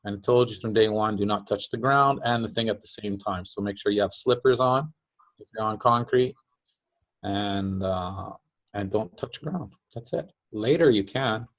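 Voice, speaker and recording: A man's voice: lowish voice, moderate pace, fairly bright tone. Man teaching in dull lo-fi sound. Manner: chatty, laughs often, acts out quotes. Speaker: teacher of a device-building group.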